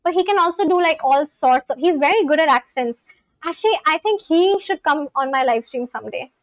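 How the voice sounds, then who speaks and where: A woman's voice: high-pitched, animated, a little fast, no room sound, low-quality recording. A woman live-streaming, chatting casually with her viewers as she reads and answers their messages.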